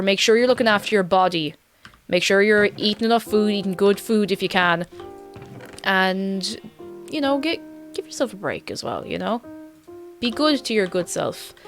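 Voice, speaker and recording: A woman chatting casually with her viewers while playing a game, rambling and giggling between asides. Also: mid-range voice. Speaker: game streamer. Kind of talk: casual live-stream chat while playing.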